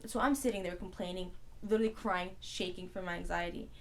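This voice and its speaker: A young adult woman co-hosting a podcast, telling a long story in casual chat, rambling and animated with constant "like" fillers. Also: lowish voice, fast talker. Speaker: podcast co-host.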